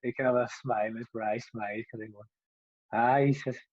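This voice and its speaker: A man's voice: medium pitch, steady tone, brisk, no echo. A man, a young adult and former footballer, telling a rambling story in casual chat with frequent laughs and restarts, in a dull, lo-fi recording. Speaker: former footballer, podcast co-host.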